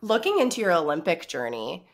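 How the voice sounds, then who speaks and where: Woman, podcast host, low voice, vocal fry, reflective encouraging. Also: huge pitch swings, fairly quick. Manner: warm, encouraging, reflective talk. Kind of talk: casual podcast interview.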